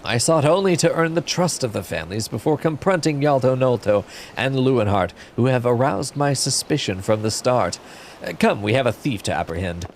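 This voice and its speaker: A man voicing a pompous, flamboyant gentleman inspector with grandiloquent, theatrical delivery. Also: medium pitch, expressive, normal speed, slight background noise, natural voice.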